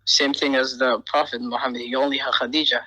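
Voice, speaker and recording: Young male caller with a bright, casual voice and a dry sound, pushing back in a debate. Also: mid-range voice, level tone, fast talker, breathy edge, no room sound, rough recording. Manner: casual, pushes back with "man" and "bro".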